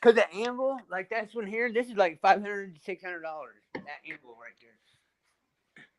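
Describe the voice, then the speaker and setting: A man's voice: high voice, measured pace, no room sound. A man chatting casually on a live video call panel, rambling as he shows off things he built. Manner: rambling, shows off his stonework and builds. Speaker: panel guest.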